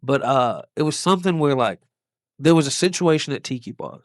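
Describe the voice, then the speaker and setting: A man's voice: medium pitch, lively intonation, fairly quick, dry recording, clean studio sound. A man who hosts a podcast and does comedy, telling a story in a rambling, casual way, with lots of swearing and "like" fillers. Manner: rambling, profane, many "like" fillers.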